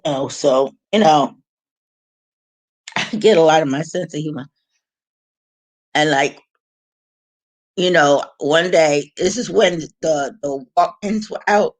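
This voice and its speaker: A woman's voice: sits low, takes it slowly, pauses often. A woman vlogger telling casual stories in a frank, rambling way, laughing and restarting as she goes. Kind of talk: casual storytelling.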